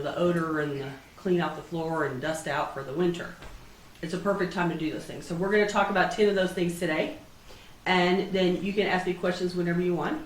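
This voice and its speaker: A woman's voice: on the low side, a little hiss or hum. A woman with a cold giving a casual talk to a meetup group as a professional organizer, chatty and often checking in with the audience. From Texas. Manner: chatty, keeps asking "right?" of the audience. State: has a cold. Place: meeting room with an audience. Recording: echoey room, mic at a distance.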